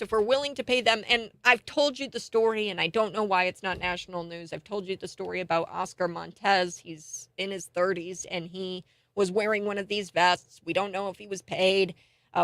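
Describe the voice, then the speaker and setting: A woman's voice: mid-range voice, dry recording. Heated woman talk radio host. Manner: animated, indignant, laughs scornfully.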